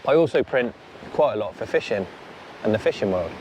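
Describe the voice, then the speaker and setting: A man's voice: lowish voice, expressive, brisk, darkish tone, a little hiss or hum. A man hosting a fishing vlog, chatting casually and upbeat as he gives friendly advice outdoors on a beach. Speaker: angler and channel host.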